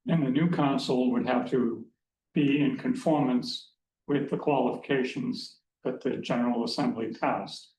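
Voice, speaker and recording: A man's voice: mid-range voice, a little slow, a little mellow. A man on a council asking a speaker blunt, informal questions during a public meeting. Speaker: council member. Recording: echoey, distant hall audio with faint noise.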